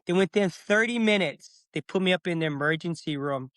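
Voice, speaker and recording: A man's voice: high voice, brisk, no room sound. A middle-aged man telling his own story on a podcast, acting out what he said at the time. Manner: animated, acts out his own past words. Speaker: podcast guest. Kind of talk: casual storytelling.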